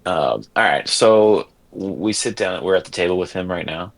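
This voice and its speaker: A man playing a tabletop game, talking casually and haltingly with some swearing. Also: sits low, creaky. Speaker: player.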